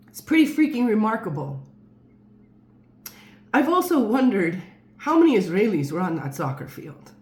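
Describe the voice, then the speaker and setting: A woman's voice: medium pitch, sing-song, normal speed, pauses often, a little mellow. A woman telling a personal story to camera in a casual, rambling way, with many fillers and restarts. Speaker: storyteller vlogger. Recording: roomy echo.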